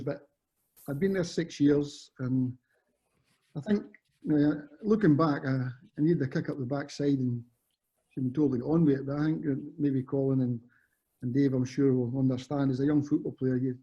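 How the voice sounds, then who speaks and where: Heard on muffled lo-fi audio, a Scottish man in his fifties, a guest who used to play football, tells rambling stories in casual chat, correcting himself often. His voice is mid-range and warm with a breathy edge.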